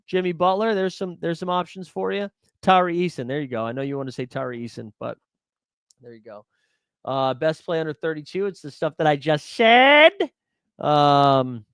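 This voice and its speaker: Male stream host, fairly high voice, close dry mic, excitable and chatty with his chat. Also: creaky, smooth, no echo. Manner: excitable, talks to chat by name, thinks aloud. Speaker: fantasy sports live-stream host. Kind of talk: casual live-stream chat.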